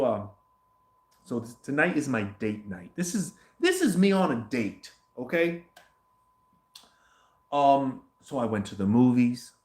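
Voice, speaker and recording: A man chatting casually as the host of a livestream question session, rambling, animated and swearing often. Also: medium pitch, roomy sound. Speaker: host answering viewer questions.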